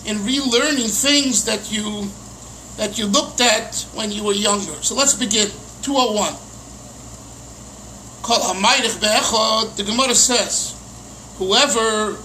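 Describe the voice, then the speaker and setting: Man, rabbi, casual lesson, very high voice, bright and sharp tone. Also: slight background noise, low-quality recording. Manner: explains text line by line, acts out questions. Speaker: rabbi teaching Chassidic texts.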